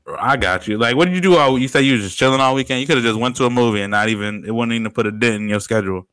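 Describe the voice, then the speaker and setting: A man's voice: medium pitch, racing, a bit bright, clean tone, dry recording. A young man co-hosting a podcast, talking in an easygoing, slangy way and laughing often. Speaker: podcast co-host. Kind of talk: casual chat.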